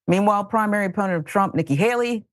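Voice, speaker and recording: A woman's voice: mid-range voice, fast talker, no echo, clean studio sound. A woman with a Southern American accent hosting political commentary, sarcastic, exasperated and emphatic. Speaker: host.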